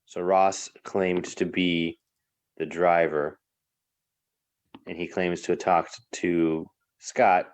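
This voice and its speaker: A man playing a social deduction game over a video call, reasoning aloud through the evidence with frequent fillers. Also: sits low. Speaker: player. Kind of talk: casual game talk.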